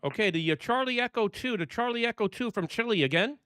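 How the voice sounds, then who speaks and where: A ham radio operator with a New York accent calls stations in a chatty, relaxed way. His voice sits high and rings smooth and clean. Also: fast talker, no room sound. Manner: chatty, easygoing, laughs often. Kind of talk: casual on-air radio contacts.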